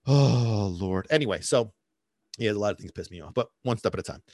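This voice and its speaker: A man's voice: on the low side, brisk, no room sound. A man hosting a dog-training podcast, talking bluntly and cursing, teasing listeners with quiz questions. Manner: lively, jumps between loud and hushed. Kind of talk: solo podcast talk.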